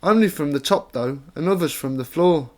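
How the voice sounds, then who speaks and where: A man's voice: on the high side, normal speed, a little mellow. A man from Staffordshire, an author reading his own rhyming poems aloud in a plain, conversational way, with casual spoken introductions between them. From Staffordshire, England.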